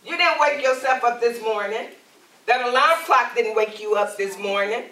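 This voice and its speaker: A woman evangelist leads a sermon with a bright, forceful voice, pressing her listeners for answers. She sounds set back from the mic, and her voice rings around a roomy space. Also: on the high side, moderate pace, recorded from a distance. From Alabama. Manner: calls out to the congregation, rising and emphatic. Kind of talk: sermon and prayer.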